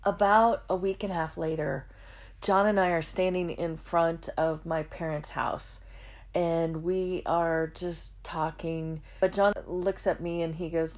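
An earnest woman shares her personal testimony as a podcast host, speaking in a heartfelt storytelling way. Her voice sits a little low for a woman, and she acts out the lines of the people in her story. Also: little pitch movement, unhurried, darkish tone.

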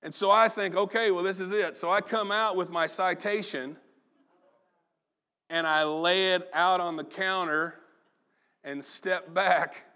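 A man preaching a sermon, telling a personal story with animated storytelling and acting out family members' voices. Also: high voice, measured pace. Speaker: pastor.

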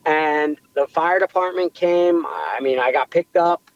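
A young adult man, a pizzeria owner, telling his story in a casual interview, animated and rambling with restarts. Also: a little high, unhurried, highs cut off. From United States.

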